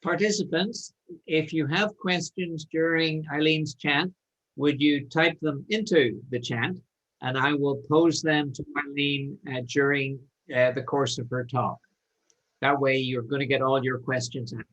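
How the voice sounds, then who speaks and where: A man's voice: on the high side, fairly even intonation, measured pace, a bit bright, poor audio. A man hosting an online webinar, introducing a guest and giving instructions to participants in an upbeat manner. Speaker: webinar host. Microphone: video call.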